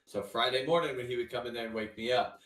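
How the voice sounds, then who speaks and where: A man in casual podcast chat, spinning animated, profane stories stuffed with "like". He sits back from the mic, so his voice carries a roomy echo. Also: medium pitch, fast. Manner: animated, profane storyteller full of "like" fillers. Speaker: podcast co-host. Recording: echoey room, far from the mic.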